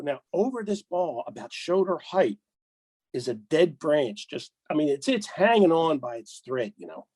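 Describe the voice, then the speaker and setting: An older American man, a golf rules official and podcast guest, telling lively anecdotes and acting out the dialogue with chuckles. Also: fairly high pitch, moderate pace, husky, dry recording, low-quality recording. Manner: animated storyteller, acts out dialogue, chuckles.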